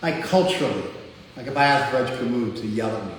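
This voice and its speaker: Speaking briskly at medium pitch, an American spiritual teacher jokes and teases his way through a relaxed lecture in front of a classroom group, saying "like" often. Background noise is present, and the far-off mic catches an echoey hall.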